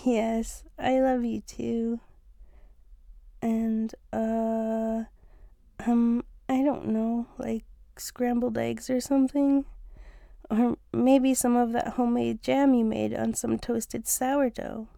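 A young woman talks to her partner in a casual romantic role-play, teasing and playful, swearing easily and laughing often. Her voice sits slightly high, with a gravelly fry and a warm, mellow tone, and she takes her time. The sound is dry and close, with no room around it. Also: level tone, slow, dry recording. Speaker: fiancée in a listener role-play.

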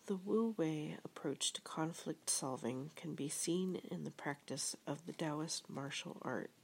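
A woman reading an audiobook in calm, measured scripted narration. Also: deep voice, gravelly, breathy edge. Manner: calm, measured, even storytelling.

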